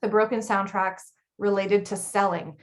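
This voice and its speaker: Woman co-host, blunt, chatty, casual talk, mid pitch. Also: fairly even intonation. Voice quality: blunt, chatty, quick to laugh. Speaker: podcast co-host. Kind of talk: casual chat.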